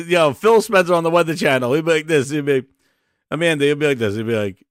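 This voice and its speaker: A man hosting a casual gaming livestream, profane and excitable, breaking into laughter often. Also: a little high, moderate pace, long pauses, dry recording, studio quality. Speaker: gaming show host.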